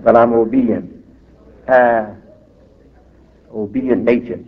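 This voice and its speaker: In a mid-range voice, a male imam gives a sermon that is emphatic and drawn-out, broken by asides. It's heard through a tinny recording that echoes in a reverberant hall.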